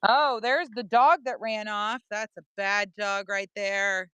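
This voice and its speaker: A woman's voice: medium pitch, fairly even intonation, slow pace, hardly any pauses, bright, forceful tone, clear, resonant tone, dry recording. A middle-aged woman giving a casual walk-and-talk vlog tour of her backyard, chatting to her pets and animals. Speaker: vlogger.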